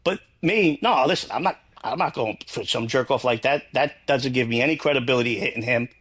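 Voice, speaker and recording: A man's voice: medium pitch, a little fast, fairly bright tone, husky. Blunt, rambling man. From New York. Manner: blunt, rambling, swears freely. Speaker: guest. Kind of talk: casual interview talk.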